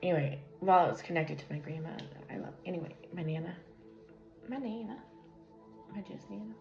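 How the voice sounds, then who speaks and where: Animated and a little fast, a woman with a fairly low-pitched voice does a casual spiritual tarot reading that meanders with plenty of fillers. It was recorded on a phone in an echoey room, with lo-fi, dull audio and faint music.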